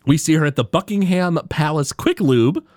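A man's voice: fairly high pitch, normal speed, no room sound, clean studio sound. A man co-hosting a casual podcast, retelling an episode and acting out the quotes as he goes. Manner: animated storyteller who acts out quotes. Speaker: podcast co-host. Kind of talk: casual episode recap chat.

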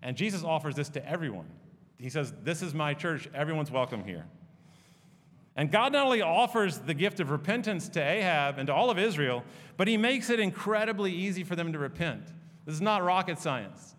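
A man preaching a sermon, telling the story in a conversational, animated way with fillers and asides. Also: on the high side, brisk, in a large hall. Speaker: pastor.

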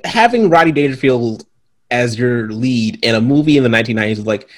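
Animated man, lively joking podcast chat. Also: mid-range voice. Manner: animated, laughs often, drawn-out sarcasm. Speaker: podcast co-host. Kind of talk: casual chat reviewing a movie.

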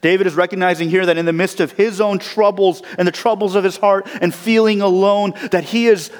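A man's voice: sits high, steady tone, a little fast. A young man from Southern California preaching a sermon in a conversational, personal way, with rhetorical asides to the congregation. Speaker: pastor. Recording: long hall reverb.

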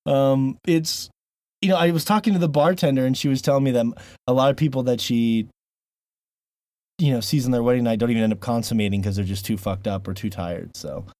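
A man's voice: medium pitch, fairly even intonation, fairly quick, a little mellow, no room sound. A man hosting a casual podcast, joking and laughing often. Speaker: podcast host.

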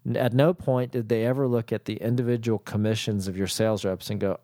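A man's voice: lowish voice, fairly even intonation, fairly quick, few pauses, dark tone, dry recording, studio quality. A man who works as a CPA, talking bluntly and casually to small business owners and acting out both sides of his calls with clients. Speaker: CPA and accounting firm owner.

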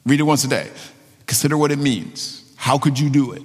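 A man preaching a sermon as pastor of his church, earnest and halting, repeating phrases and restarting often. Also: a little high, expressive, breathy edge. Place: church sanctuary. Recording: long hall reverb.

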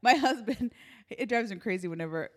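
Speaking fairly quickly in a mid-range voice, this podcast co-host animatedly tells stories during casual conversation. She laughs frequently.

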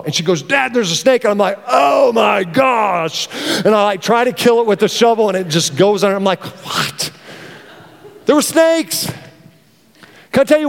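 A middle-aged pastor, preaching a lively sermon and acting out his stories. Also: sits high. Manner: animated, storytelling with acted-out exclamations. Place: church hall. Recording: reverberant church hall.

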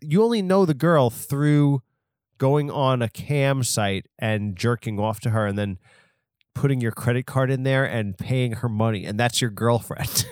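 A man's voice: mid-range voice, dry recording, studio quality. A man hosting his own podcast alone, rambling in a casual, crude, self-deprecating way with lots of fillers and restarts. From half Hispanic. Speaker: podcast host.

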